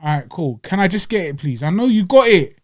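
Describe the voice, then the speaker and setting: A young man, co-hosting a podcast and telling stories with animated, slangy energy. His voice sits a little high. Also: a little fast. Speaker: podcast co-host. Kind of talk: casual chat.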